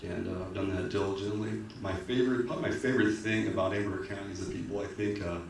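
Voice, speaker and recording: A man's voice: lowish voice, fairly even intonation, fast talker, gravelly. A man giving an earnest, emotional candidate's speech at a public forum, often restarting his sentences. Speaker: political candidate. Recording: echoey hall from far off, faint noise.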